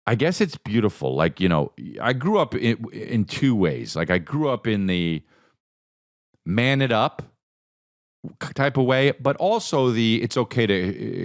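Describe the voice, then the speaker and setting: Man, podcast host, low voice, very lively pitch, casual profane storytelling, acts out voices.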